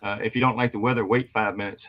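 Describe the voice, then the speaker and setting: A man's voice: lowish voice, fairly even intonation, fast talker, no echo. An older man, a retired army veteran from the Gulf Coast, chatting in an easygoing, hesitant way. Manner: easygoing, hesitant with many ums. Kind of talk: casual chat. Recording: slightly dull, muffled audio.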